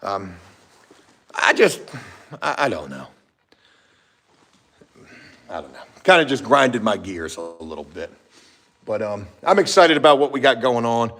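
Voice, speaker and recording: A man vlogging about his painting job, telling a story in a casual, profane, animated way, going from shouts down to mutters. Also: fairly low pitch, unhurried, long pauses. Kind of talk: casual storytelling to a live chat.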